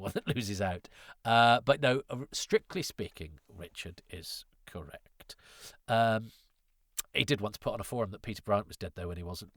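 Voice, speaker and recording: A man's voice: on the low side, a bit bright, dry recording, clean studio sound. A man hosting a podcast, reading listener letters in a chatty, wry way that often breaks off and restarts. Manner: chatty, self-interrupting, wry. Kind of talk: casual chat.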